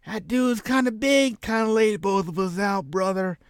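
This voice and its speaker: A man's voice: sits high, fairly even intonation, normal speed, clean tone, dry recording, studio quality, voice pushed up. A man voicing a laid-back male wrestler who keeps saying brother, in a drawling, easygoing way. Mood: reluctant.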